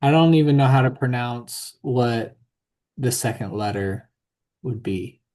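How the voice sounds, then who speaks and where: A man answers his teacher in class. He sounds hesitant and unsure, with an ordinary mid-pitched voice. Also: unhurried, darkish tone. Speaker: student.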